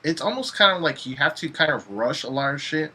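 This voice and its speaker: A man co-hosting a podcast in casual pop culture chat, excitable and profane, acting out his own reactions. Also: fairly high pitch, fairly quick, slightly rough. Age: adult. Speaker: podcast co-host.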